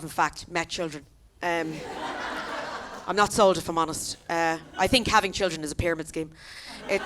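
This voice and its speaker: Irish woman in her thirties, stand-up comic, bright and lively voice, faint crowd noise. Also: on the low side. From Ireland. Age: 30s. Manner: animated storytelling, acts out quoted voices. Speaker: stand-up comedian. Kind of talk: stand-up comedy set. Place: comedy venue stage.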